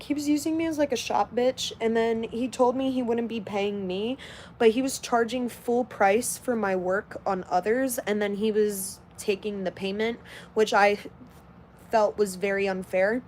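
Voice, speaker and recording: A woman's voice: on the high side, fairly even intonation, normal speed, darkish tone, slight background noise. A woman in her late twenties chatting casually on a livestream, reading out comments in a blunt, heavily profane way. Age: 20s.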